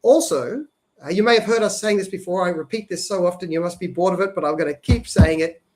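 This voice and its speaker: A man's voice: high voice, fast talker. A man co-hosting a policy podcast, explaining economics in a casual way and often checking in with "right?". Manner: explanatory, frequent "right?" tag questions. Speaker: podcast co-host.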